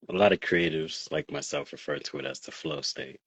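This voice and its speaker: Deep gravelly male interviewer. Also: brisk, fairly bright tone, dry recording. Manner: rambling, searching questions with fillers. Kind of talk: interview questions.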